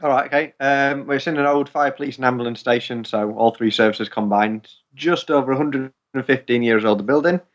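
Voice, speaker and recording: Museum director on a dull remote line. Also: male voice, mid-range voice, a little fast, hardly any pauses. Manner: plain, friendly, dry humour. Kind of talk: casual interview chat.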